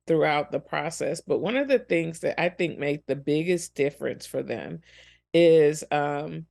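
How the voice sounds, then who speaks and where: Earnest woman on a faith podcast, kinda gravelly voice, gentle. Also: low-pitched. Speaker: podcast co-host. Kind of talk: reflective ministry podcast talk.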